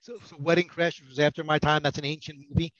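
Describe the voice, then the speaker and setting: Middle-aged man, rambling podcast guest, quick talker, slightly high voice, dull lo-fi sound. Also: flat delivery, fairly bright tone. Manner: rambling, self-mocking, with many restarts. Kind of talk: casual podcast banter.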